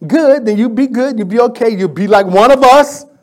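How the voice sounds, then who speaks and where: A proud ancient king, still angry but now coaxing and pushy as he tries to talk his subjects into giving in, as a male preacher puts him on. The voice sits high for a man and stays persuasive throughout the sermon telling. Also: moderate pace, darkish tone. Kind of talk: sermon storytelling.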